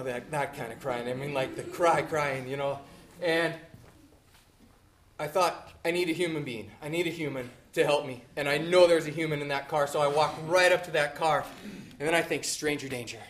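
A man in his fifties from Montana tells a personal story on stage, animated and swinging from bursts of energy to hushed low asides. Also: slight background noise.

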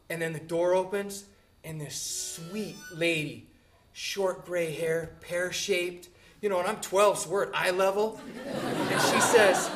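Man in his fifties from Montana, storyteller, fairly high voice, lively swings into hushed asides, faint hiss behind. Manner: animated, swinging from bursts to hushed low asides. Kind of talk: personal story told on stage.

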